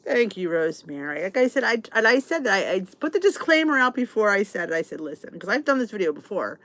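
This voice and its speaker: A middle-aged American woman talks straight to her viewers in a loose live chat. Her voice sits at an ordinary middle pitch, and she rants with restarts and asides. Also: big pitch swings, quick pace, fairly bright tone. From United States. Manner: chatty and exasperated, ranting with restarts. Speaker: channel host. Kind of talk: casual live chat reading comments.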